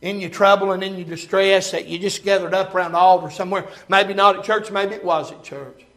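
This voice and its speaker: A man delivering a sermon in a notably high voice. He climbs to loud, emphatic runs, then sinks into hushed, low-pitched stretches. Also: fairly even intonation, fairly quick. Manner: swings from loud preaching to hushed low tones. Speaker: preacher.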